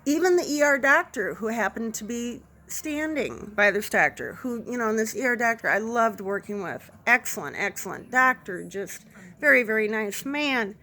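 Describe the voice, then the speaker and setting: A woman nurse casually telling a funny work story to camera, animated and self-deprecating. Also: on the high side, moderate pace. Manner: animated anecdote, self-deprecating, laughs through it.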